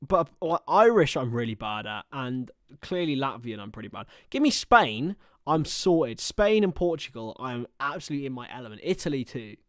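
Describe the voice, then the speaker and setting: A man's voice: medium pitch, sing-song, moderate pace, hardly any pauses, dry recording, studio quality. A man commentating live on a football match for a livestream, mixing play-by-play with chatty, self-mocking asides.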